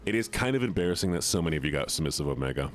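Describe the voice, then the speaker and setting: A man's voice: very deep voice, animated, very fast, faint music behind. A man streaming a game and chatting casually with his viewers in a playful, rambling way, often repeating words. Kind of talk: casual live-stream chat while gaming.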